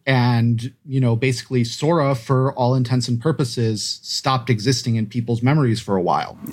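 Male co-host, mid-pitched, rambling recap with plenty of hedging. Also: moderate pace, slight background noise. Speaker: podcast co-host. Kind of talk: casual gaming chat.

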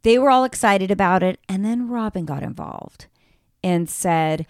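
Woman podcast co-host, animated and profane, very dry close sound. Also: medium pitch, moderate pace, no room sound. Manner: animated, swearing, acts out quotes. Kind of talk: casual gossip chat.

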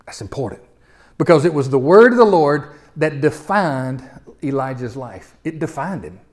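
Male pastor, high voice, sermon with call-and-response, alternates loud emphasis and hushed reflection. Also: sing-song, normal speed. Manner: swings from loud, emphatic exhortation to low, quiet reflection; repetitive, call-and-response delivery with stutter-starts.

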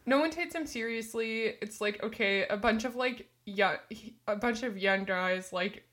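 A young woman co-hosting a podcast in casual chat, animated, swearing and laughing often. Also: a little high, normal speed. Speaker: podcast co-host.

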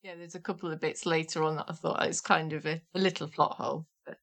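Low-voiced woman co-hosting a podcast. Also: quick pace, creaky. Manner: agreeable, relaxed, short replies and reflective asides. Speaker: podcast co-host. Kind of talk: casual podcast chat.

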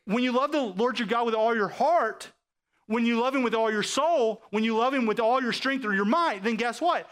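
A male pastor preaching a sermon, acting out quoted characters and often asking his congregation if they understand. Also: very high voice. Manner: animated preaching, acts out quoted voices, asks the audience questions.

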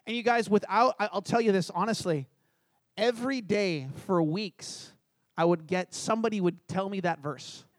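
A man's voice: high-pitched, normal speed, no room sound, studio quality. A middle-aged man from Canada preaching a sermon, telling a personal story with humor and acting out the dialogue. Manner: animated, acts out dialogue, self-deprecating humor. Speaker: pastor.

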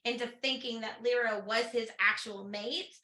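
A woman co-host of a book podcast, chatty and retelling the plot with many "mm-hmm"s. Her voice is very bright and a little high. It sounds roomy and echoey. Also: steady tone, moderate pace. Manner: chatty, summarizes the plot with many verbal acknowledgements. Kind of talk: casual book discussion. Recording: echoey room.

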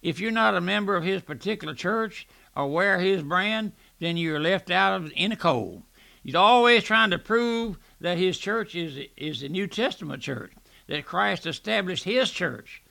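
Gravelly older radio preacher, man. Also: high-pitched, bright, forceful tone, no room sound. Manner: earnest, repeats and restarts words, addresses "my friend". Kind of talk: radio sermon.

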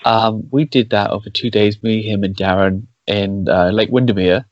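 A man's voice: on the low side, fairly even intonation, normal speed, no echo, muffled recording. A man speaking as a guest in a casual interview, talking loosely with frequent fillers.

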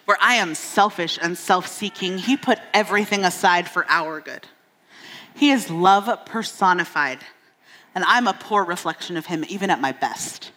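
A woman in her thirties delivers a sermon into a stage microphone, her bright, clear voice carrying a long church-hall reverb. She mixes humor with candid, self-deprecating stories about her children. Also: lowish voice, normal speed. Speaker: preacher.

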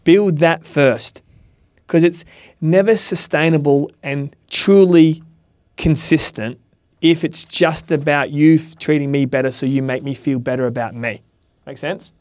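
A man's voice: on the high side, fairly even intonation, measured pace, darkish tone, no echo, clean studio sound. A man on a podcast giving candid, earnest advice, swearing now and then and acting out quoted lines. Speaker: podcast guest, mentor. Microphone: studio mic.

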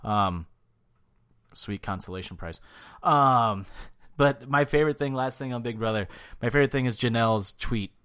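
A man co-hosting a podcast in casual, profane chat, animated and quick to mimic others. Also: mid-range voice, clean tone, no echo, clean studio sound. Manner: profane, animated, mimics people in funny voices. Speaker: podcast co-host.

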